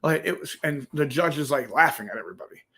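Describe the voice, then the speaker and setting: A man, a podcast guest, telling an animated casual story, acting out the quotes and tagging "right?" onto his lines. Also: fairly high pitch, quick pace, husky. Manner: animated, acts out quotes, says "right?" often.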